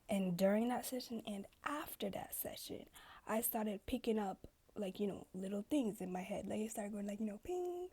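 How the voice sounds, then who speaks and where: A woman's voice: medium pitch, dark tone, husky. A woman vlogging in a casual, chatty storytelling way, full of asides and fillers, acting out the voices of people she quotes.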